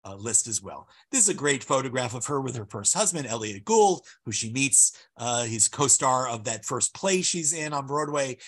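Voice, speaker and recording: A man's voice: mid-range voice, expressive, normal speed, few pauses, a bit bright. A man giving an illustrated lecture over slides, talking in a discursive, emphatic way and stressing key words.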